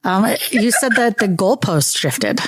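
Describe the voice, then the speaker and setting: A woman's voice: mid-range voice, very animated, a little slow, no echo, clean studio sound. A woman hosting a casual podcast interview, teasing her guest in a jokey way. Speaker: podcast host.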